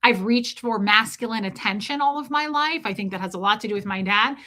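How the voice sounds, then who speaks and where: A woman's voice: mid-range voice, a little fast. A woman in her forties hosting a livestream, telling a personal story frankly with lots of "like" and "right?". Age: 40s. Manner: frank and animated, swears, frequent "right?" and "like". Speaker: livestream host.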